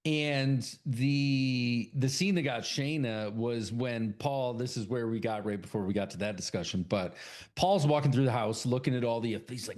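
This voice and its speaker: Excitable man retelling a horror film. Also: mid-range voice, normal speed. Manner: excited retelling, heavy swearing, acts out characters' lines. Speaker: podcast co-host. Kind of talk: casual chat.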